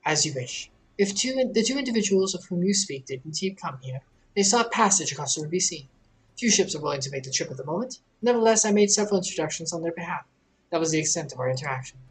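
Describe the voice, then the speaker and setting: A man voicing a calm, formal woman innkeeper. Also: on the high side, slight background noise, voice pushed up, lightly acted, rough recording. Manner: formal, deliberate, softly spoken. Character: calm, measured woman innkeeper of a port town.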